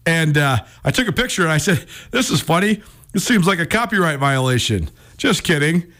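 Animated male radio host telling a story. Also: a little high, moderate pace. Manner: animated, self-mocking, many restarts. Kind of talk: casual storytelling on sports radio.

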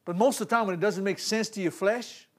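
A man preaching a sermon, swinging from loud, animated calls to hushed asides and laughing between points. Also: sits high, quick pace.

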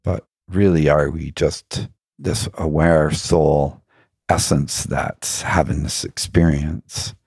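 Guest spot: deep-voiced, husky man, reflective spiritual storyteller, earnest with rhetorical questions. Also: steady tone, slow, a little mellow, no echo, clean studio sound. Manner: laughs now and then while telling stories. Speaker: podcast guest.

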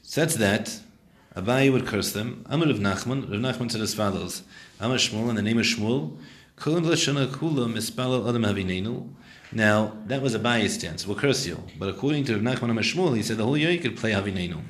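A man with a fairly low voice leads a Talmud class, reading Hebrew and Aramaic phrases and explaining each one in plain conversational terms. His voice carries a roomy echo, and he stops now and then to question his students. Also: a little fast. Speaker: Talmud teacher.

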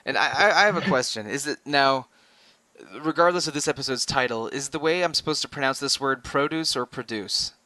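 A man's voice: medium pitch, fairly quick, sharp tone, dry recording. A man co-hosting a casual podcast chat, talkative with frequent stammered restarts. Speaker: podcast co-host.

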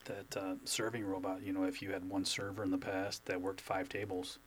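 A man guesting on a business podcast, explaining his points in a measured, casual way. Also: deep voice, level tone, a little hiss or hum.

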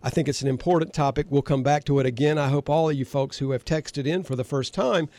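An older man hosting a call-in political radio show, his voice sitting a bit higher than most men's. He gets worked up, repeating questions as his voice climbs. The studio sound is dry and close. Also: fast talker, dark tone, no echo. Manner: gets fired up, pitch rising sharply on emphatic questions. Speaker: radio talk show host.

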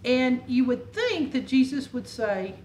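Animated woman preacher in an echoey room. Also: high voice, measured pace. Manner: animated, conversational, with rhetorical questions. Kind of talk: sermon. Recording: echoey room with faint ambient noise.

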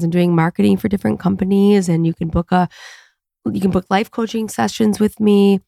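A woman's voice: medium pitch, vocal fry, darkish tone, no echo, clean studio sound. A woman hosting her own podcast, talking alone in an earnest, confessional, rambling way with many fillers, from home. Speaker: podcast host and coach. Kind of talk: casual solo podcast monologue.

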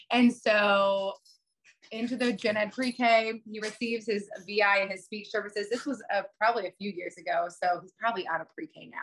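A woman's voice: mid-range voice, brisk, a bit bright, slight background noise, rough recording. A woman, a podcast co-host telling a story in casual chat, full of fillers and rising sharply when she gets indignant. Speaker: podcast co-host, special education advocate.

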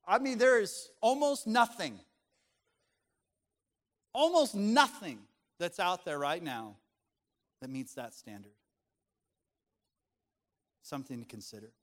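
A man's voice: high-pitched, expressive, takes it slowly, pauses often, fairly bright tone, in a large hall. A middle-aged man preaching as a pastor, reading scripture and speaking earnestly and conversationally to his congregation. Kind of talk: sermon.

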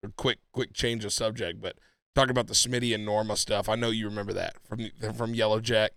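A man co-hosting a casual podcast, telling animated stories and acting out quoted lines. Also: on the low side, a little fast, gravelly, clear, resonant tone, no room sound, studio quality. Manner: animated storytelling, acts out quotes. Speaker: podcast co-host. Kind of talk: casual chat.

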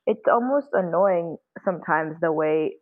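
A woman's voice: fairly low pitch, lively intonation, measured pace. Woman guest on a tinny phone-like line. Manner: candid, talks through points with fillers. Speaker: musician and guest. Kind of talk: interview conversation.

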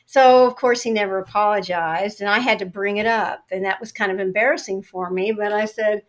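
Animated middle-aged woman telling a story. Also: mid-range voice, a little fast, hardly any pauses. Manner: animated storyteller acting out her own past replies. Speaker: guest. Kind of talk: personal storytelling in an interview.

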